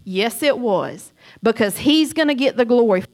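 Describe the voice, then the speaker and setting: A middle-aged woman giving a church testimony, emphatic and preachy, swinging between loud cries and soft asides. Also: fairly high pitch, animated, normal speed.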